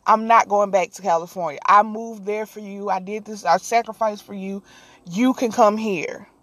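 A woman voicing a creepy, controlling young wife, speaking low and eerily calm. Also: normal speed, no room sound, lightly acted.

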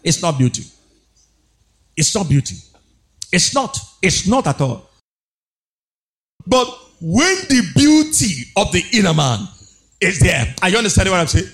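A man's voice: sits high, sing-song, unhurried, pauses often, fairly bright tone. A man preaching a sermon, exhorting with rhetorical questions, repeated phrases and a sing-song emphasis.

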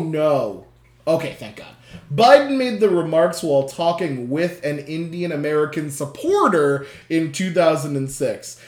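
A quiz host in casual chat, reading questions aloud, laughing often, swearing and reacting with loud dismay. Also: mid-range voice. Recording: roomy echo.

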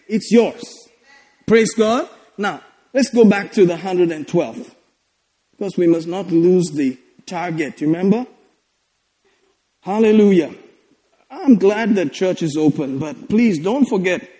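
A man preaching a sermon as pastor, exuberant and laughing, breaking into shouts and repeating phrases. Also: high-pitched, long reverb tail.

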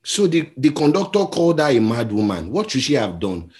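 A man with a Nigerian accent preaching a sermon as a pastor. He tells stories and acts out the voices in them, moving between quiet and loud. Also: medium pitch, big pitch swings, brisk. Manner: storytelling, acts out voices in a story, shifts between soft and loud.

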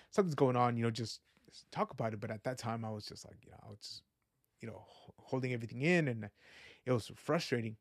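A man's voice: medium pitch, no echo, studio quality. A man hosting a podcast, talking in an earnest, rambling, reflective way, full of "you know" and "like". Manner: reflective and faith-minded. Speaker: podcast host. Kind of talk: casual personal podcast monologue.

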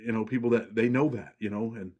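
A man's voice: on the low side, quick pace, a little mellow, slightly rough. A man hosting a podcast in a casual chat, blunt and outspoken in how he talks. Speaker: podcast host.

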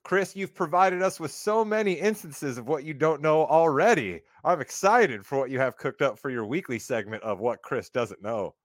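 A man's voice: on the high side, animated, moderate pace, hardly any pauses, no room sound, clean studio sound. A man co-hosting a sports podcast, ranting emphatically in casual banter. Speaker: podcast co-host.

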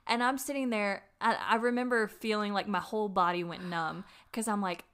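A woman telling a personal story in a casual podcast chat, animated and swearing freely. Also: medium pitch, a little fast, smooth.

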